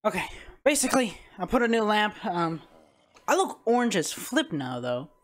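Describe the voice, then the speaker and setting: A man giving casual let's-play commentary as a streamer, reacting loudly to the game at a home streaming mic. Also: high-pitched, big pitch swings, moderate pace. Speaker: gaming streamer.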